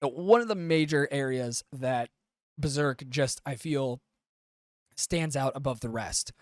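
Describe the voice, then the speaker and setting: A man's voice: mid-range voice, slow pace, dry recording, studio quality. A man hosting a podcast, recapping an anime in a loose, profane, chatty way with lots of fillers. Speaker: podcast host. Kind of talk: casual anime review recap.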